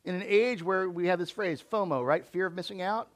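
High-voiced male preacher. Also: a little fast, few pauses. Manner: conversational, questioning the congregation directly. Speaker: pastor. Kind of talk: sermon. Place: church.

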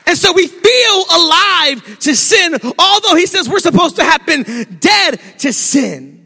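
A man delivers a sermon in a sing-song preaching cadence, breaking into shouts. His voice is very high and bright. It carries a long reverb from the church hall. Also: big pitch swings, unhurried. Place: church sanctuary.

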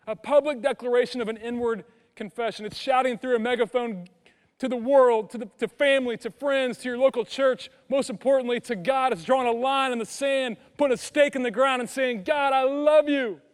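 A man preaching a sermon as pastor, animated and conversational, sinking into hushed prayerful tones at times. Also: very high-pitched, fairly quick, in a large hall. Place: church sanctuary.

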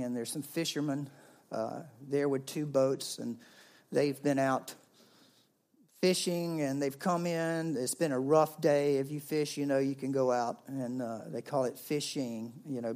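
A pastor preaching to his congregation, spinning a story with a lot of pull in it. He rises to loud, lively stretches, then drops to a hushed near-whisper. His pitch sits in a middling range. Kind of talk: sermon.

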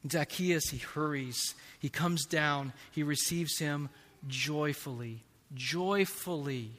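High-voiced preacher in an echoing hall. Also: male voice, steady tone. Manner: slow, emphatic preaching with big swings in loudness. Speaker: pastor. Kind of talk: sermon. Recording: long reverb of a large hall.

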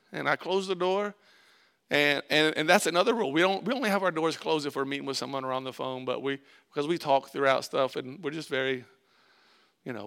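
A man's voice: on the high side, vocal fry, a bit bright. A male pastor preaching a sermon, telling a candid story with self-mocking humor.

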